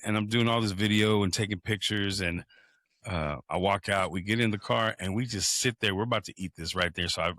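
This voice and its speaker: A man's voice: on the low side, no room sound, studio quality. A man telling a long story on a podcast, swearing freely and acting out what people said. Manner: animated, profane, acts out quoted people. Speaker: podcast co-host. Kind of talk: casual storytelling chat.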